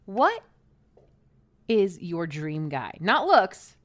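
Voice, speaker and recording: A woman's voice: fairly low pitch, big pitch swings, drawn-out words, a bit bright. A young woman co-hosting a podcast in casual chat, candid and blunt, full of likes and playful jabs. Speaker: podcast co-host.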